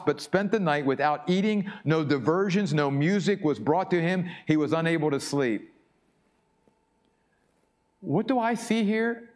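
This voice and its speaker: Male pastor preaching, emphatic and repetitive, measured pace, lively high voice. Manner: emphatic, repeats key phrases. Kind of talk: sermon.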